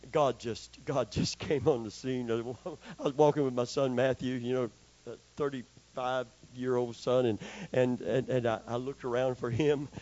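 A man's voice: mid-range voice, warm tone. An older male preacher telling a homespun story in his sermon and calling for amens from the congregation. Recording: slightly dull, dry recording.

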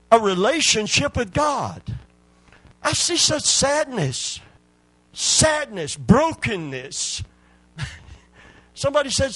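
A male preacher delivering a sermon, moving from hushed, drawn-out scripture lines to loud exhortation. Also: very high voice, slightly rough, no room sound.

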